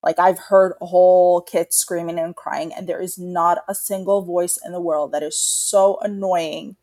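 A woman's voice: on the low side, a little slow. A young adult woman co-hosting a casual podcast, talking openly and animatedly about motherhood. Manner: open and confessional, animated retelling. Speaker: podcast co-host. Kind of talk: candid casual chat.

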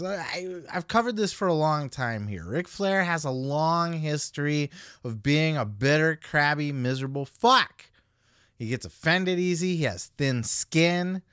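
Man, podcast host, casual solo commentary, profane and opinionated, higher voice, dry close sound. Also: fairly bright tone, no echo.

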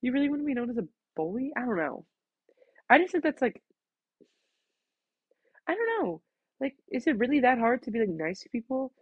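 Teenage girl, husky voice, chatty swearing rant, dull lo-fi dry bedroom recording. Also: a little high, big pitch swings, a little fast, long pauses, no room sound. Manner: chatty, fills every phrase with "like", swears freely. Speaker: student venting to camera. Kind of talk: casual rant vlog. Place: her bedroom.

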